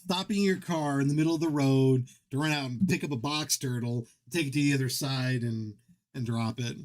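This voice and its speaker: A man's voice: medium pitch, fairly quick. A man hosting a game livestream, rambling and joking at his own expense in casual chat. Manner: rambling, self-deprecating, joking, many restarts. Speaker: streamer host.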